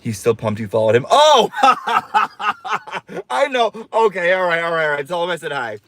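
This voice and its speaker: A man's voice: high voice, very animated, normal speed, pushed and bright, dry recording. A man hosting a casual livestream, campy and sassy, swearing freely and reading out viewer comments. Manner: reads viewer comments aloud. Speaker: livestream host.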